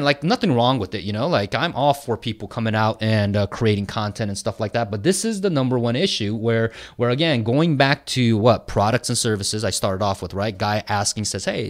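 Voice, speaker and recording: Chatty man riffing on marketing. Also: mid-range voice. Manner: chatty, many fillers and "right?" check-ins. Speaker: host of a marketing group video. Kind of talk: casual talk, reading posts aloud and commenting.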